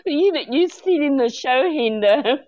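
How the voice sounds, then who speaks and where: Very high-voiced giggling woman. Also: expressive, measured pace, darkish tone, dull audio. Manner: giggling, laughing constantly. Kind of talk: casual live show chat.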